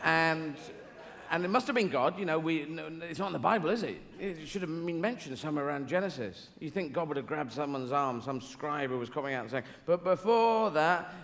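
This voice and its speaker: A male stand-up comic rambles and corrects himself on a theatre stage, his voice slightly high and gravelly. The sound carries a long hall echo and a steady layer of noise. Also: fairly quick. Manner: rambling, digressive, self-correcting. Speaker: stand-up comedian. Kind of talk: live stand-up routine.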